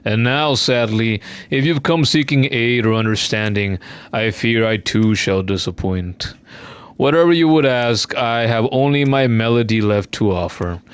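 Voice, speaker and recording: A man voicing a sickly, bedridden old bug conductor from a video game, reading the lines in a slow, formal, mournful way. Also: mid-range voice, smooth, no echo, pitched below the performer's own voice, close to an everyday voice. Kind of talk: reading game dialogue aloud.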